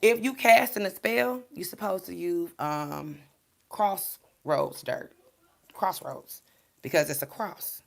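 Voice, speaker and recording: A woman's voice: on the low side, takes it slowly, creaky. A woman speaking in a candid, emphatic, chatty way, telling a spiritual story on her video channel with preachy asides. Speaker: spiritual card reader and vlogger. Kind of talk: casual storytelling vlog.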